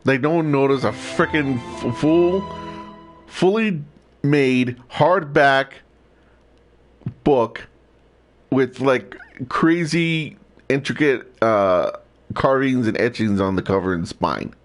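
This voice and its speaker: A man's voice: mid-range voice, slow, pauses often, faint music behind. A young man streaming a video game, joking and sarcastic as he comments and reads lines in a put-on accent.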